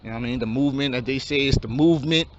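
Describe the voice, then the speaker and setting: A man's voice: mid-range voice, racing, natural voice. A man voicing a laid-back young male dreamer in a comedy skit, drawling slang in a mumble. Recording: dull lo-fi, faint hum.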